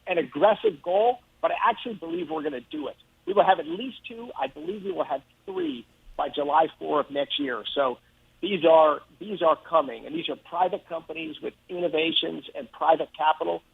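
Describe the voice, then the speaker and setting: A man's voice: a little high, animated, brisk, creaky, husky. A man interviewed as a guest over the phone, speaking in a confident, upbeat, emphatic way. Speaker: guest government official. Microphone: telephone. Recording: tinny phone line.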